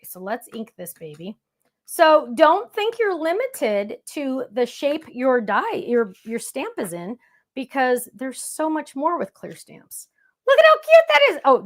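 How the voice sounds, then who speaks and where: A woman hosting a crafting show, chatting excitedly and talking herself through each step of a stamping demonstration. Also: medium pitch.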